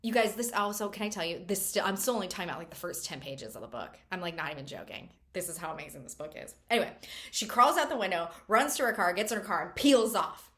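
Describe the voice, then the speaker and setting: A woman's voice: on the low side, sing-song, fast, pushed and bright. A woman hosting a casual book chat, recapping a novel in a chatty way with lots of fillers and wry asides. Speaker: book reviewer host.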